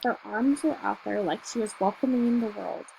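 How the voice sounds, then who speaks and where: A woman reading a novel aloud in first person, telling the story in a steady, measured way. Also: medium pitch, vocal fry, a little hiss or hum, rough recording. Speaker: audiobook reader.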